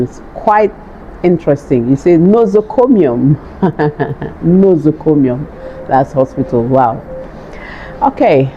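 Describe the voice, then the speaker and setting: A woman hosting an online course, teaching vocabulary patiently and repeating each word slowly for viewers. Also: sits low, warm tone. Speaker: language and health course host. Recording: dull lo-fi sound with faint noise.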